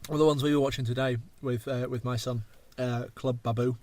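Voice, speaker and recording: An English man in his thirties hosts a loose podcast chat, wandering from tangent to tangent and swearing freely. His voice sits at a middle pitch. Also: fairly even intonation, brisk, darkish tone. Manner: rambling, goes off on tangents, swears a lot. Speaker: podcast host. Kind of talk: casual chat.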